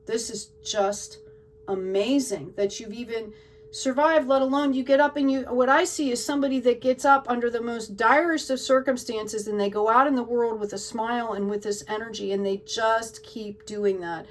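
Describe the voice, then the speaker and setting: A woman's voice: on the high side, steady tone, normal speed, distant mic, a little hiss or hum, low-quality recording. A woman giving a tarot card reading to her viewers in an emotional, gushing way, often checking in with "okay?". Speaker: tarot reader.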